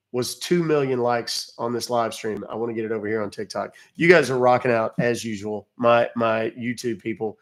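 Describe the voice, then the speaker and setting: Gravelly wisecracking man. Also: mid-range voice. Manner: chatty and wisecracking, swears offhandedly, calls viewers kids. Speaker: livestream host calling scammers. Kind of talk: casual livestream chat.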